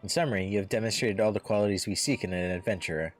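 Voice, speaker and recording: A man reading a suave male rogue and spy in formal, measured game dialogue. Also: on the low side, soft background music, close to an everyday voice. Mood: composed.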